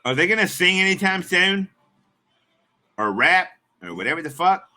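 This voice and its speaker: Very bright-voiced, crude streamer man. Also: high voice, very animated, moderate pace. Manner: rambling, crude and profane. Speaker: live streamer. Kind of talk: casual live-stream chat.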